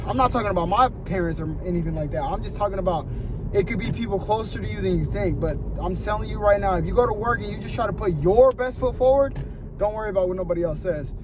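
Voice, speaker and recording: A young man telling stories in a casual, slangy vlog, animated and laughing often, filming with his phone from his car and then inside a store. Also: sits high, quick pace, noisy background. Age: young adult. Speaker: vlogger.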